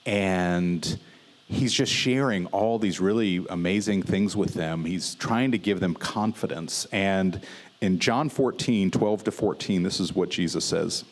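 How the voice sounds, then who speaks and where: Low-voiced pastor preaching casually. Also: male voice, a little slow. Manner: conversational preaching with fillers and humor. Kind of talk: sermon. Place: church service.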